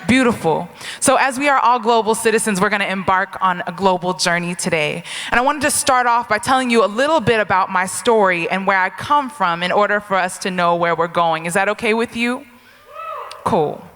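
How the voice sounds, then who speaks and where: A woman giving a live keynote address. She is energetic and leads her audience in call-and-response. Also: mid-range voice, a little fast. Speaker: keynote speaker and hip hop activist. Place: large lecture hall with a live audience. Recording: reverberant hall sound.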